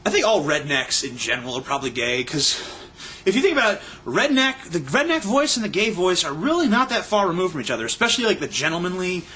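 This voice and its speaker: A young man rambles through a crude, sarcastic rant to his camera. His bright, slightly high voice swoops around a lot. A faint noise sits behind him. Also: sing-song, fast. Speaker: vlogger. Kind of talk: casual profane rant.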